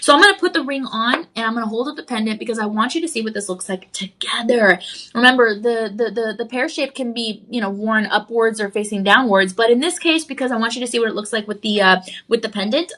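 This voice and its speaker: Female shopping-channel host, fairly high voice, gushing live jewelry pitch, chatty with viewers. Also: quick pace, fairly bright tone.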